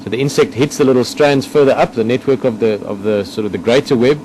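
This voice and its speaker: A man guides a nature outing, describing what he sees in an unhurried, searching way, often pausing to find the right words. His voice sits in a middle pitch. The recording is outdoors, with a clear layer of background noise. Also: a little mellow, rough recording. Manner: thoughtful, hesitant, explaining as he looks. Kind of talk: casual on-location nature commentary. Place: outdoors in the bush near a vehicle.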